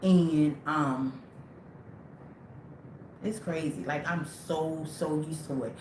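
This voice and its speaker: A woman's voice: deep voice, fairly even intonation, slow, reverberant, noisy background. A woman hosting her own livestream, talking casually and rambling straight to her viewers. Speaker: livestream host.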